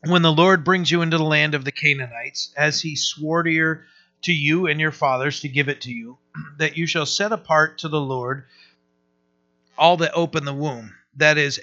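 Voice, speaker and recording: Male pastor, conversational verse-by-verse teaching, bright and a bit high-pitched, halting restarts; dull lo-fi recording. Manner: casual, halting, many restarts and "right?" checks.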